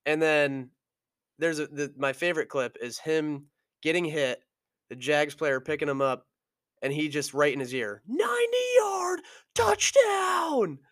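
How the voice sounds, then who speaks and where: Animated man hosting a sports podcast. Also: fairly high pitch, normal speed, clear, resonant tone, no echo, clean studio sound. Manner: animated storyteller, mimics players. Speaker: podcast host. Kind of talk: casual sports chat.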